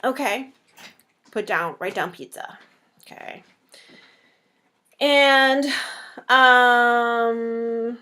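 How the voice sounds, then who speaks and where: A young woman chatting through a meal planning tutorial with a bright, crisp voice. She is playful and talkative, and she keeps slipping into quick little voices to act out how her viewers react. The tone is casual, the way a vlogger talks straight to the camera. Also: fairly high pitch. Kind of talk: casual talking-head tutorial.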